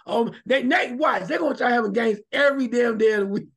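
A man co-hosting a sports radio show, giving emphatic, animated opinions and shouting now and then. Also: very high voice, fast, few pauses, breathy edge.

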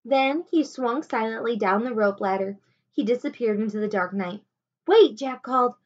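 A woman teacher reading a children's chapter book aloud at home, with expressive delivery. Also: on the high side, moderate pace, lo-fi sound, a little hiss or hum. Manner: expressive, animated. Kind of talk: storybook read-aloud.

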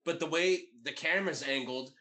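A man's voice: fairly high pitch, normal speed, sharp tone. A man in loose, foul-mouthed podcast banter about a movie. He talks his way around a point, repeating and restarting as he builds on small details. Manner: profane, rambling, keeps circling back to details. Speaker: podcast co-host. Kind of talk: casual movie-review banter.

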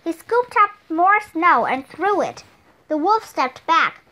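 Bright high-voiced woman reading a storybook. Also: very animated, slow. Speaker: audiobook reader. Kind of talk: children's storybook narration.

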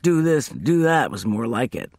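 A man's voice: medium pitch, very animated, normal speed, darkish tone, dry recording, studio quality. A man voicing a blustery older male collector who grumbles in a folksy, colloquial way. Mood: grumbling.

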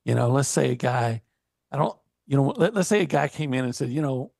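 A man's voice: mid-range voice, animated, brisk, vocal fry, darkish tone, no echo. A man co-hosting a sports radio show, joking and bantering in casual football talk. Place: radio studio.

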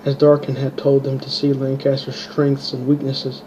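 A man reading his own fantasy story aloud, halting and restarting words, in a dull lo-fi home recording. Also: mid-range voice, monotone, mellow, slight background noise. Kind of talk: amateur audiobook reading.

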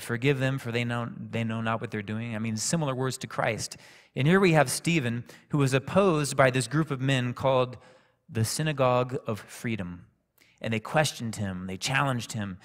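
A man preaching a sermon in a church, telling a personal story in a calm, conversational way. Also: mid-range voice. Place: church sanctuary. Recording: reverberant church hall.

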